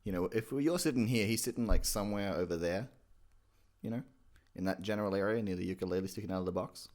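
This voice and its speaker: A man's voice: on the low side, fast talker, darkish tone. A man hosting a casual video tutorial on doing impressions, rambling and joking, with casual swearing. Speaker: YouTube host teaching impressions.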